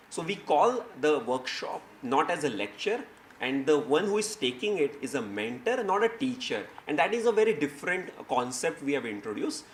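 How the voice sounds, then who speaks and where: A man's voice: fairly high pitch, a little hiss or hum. A man giving a seminar presentation, explaining his teaching approach with frequent restarts and fillers. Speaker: speaker presenting his company. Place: seminar hall.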